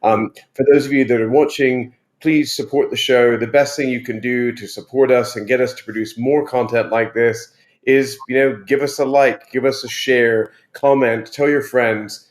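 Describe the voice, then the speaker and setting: A male host wrapping up a casual interview, talking freely and poking fun at himself. His accent mixes American and British sounds. He speaks at a middling pitch. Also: fairly even intonation, moderate pace. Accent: mixed American-British. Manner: chatty, friendly, self-mocking. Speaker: podcast host.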